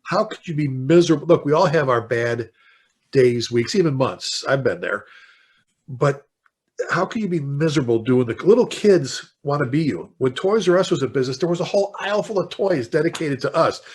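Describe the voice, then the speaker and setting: A man in his sixties with a Chicago accent, a veteran fire chief telling lively stories as a podcast guest and slipping into impassioned rants. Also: fairly high pitch, brisk, breathy edge. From Chicago, United States. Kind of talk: casual podcast interview.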